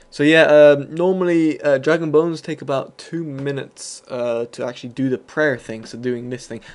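A man's voice: mid-range voice, unhurried. A man giving loose, rambling commentary over his own gameplay, full of fillers and the odd casual swear. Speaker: gaming video host.

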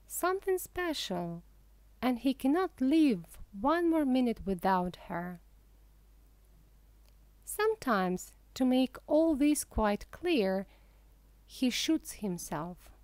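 A woman narrates a humorous book in a slow, deliberate reading pace meant for learners. Her fairly high voice rises and falls with lively expression. The recording is close and dry. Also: no echo. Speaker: reader.

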